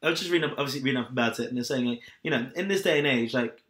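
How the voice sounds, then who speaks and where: A young male podcast co-host with a mid-range, fairly bright voice talks very fast in a loose, rambling way, using lots of fillers. He chats casually and retells events while hungover and nursing a sore back.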